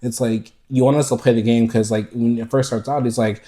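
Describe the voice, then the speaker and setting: A man from the United States co-hosting a podcast, telling stories in a lively, profane, laughing way. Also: medium pitch, fairly quick. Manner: animated, profane, laughing storyteller. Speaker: podcast co-host. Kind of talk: casual chat.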